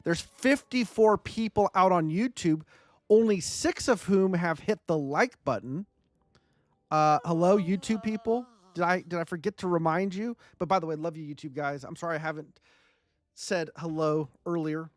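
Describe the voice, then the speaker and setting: A man's voice: fairly high pitch, moderate pace, dry recording. A man streaming a strategy game live, chatting and joking with his viewers as he plays. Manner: chatty, joking, talks to chat.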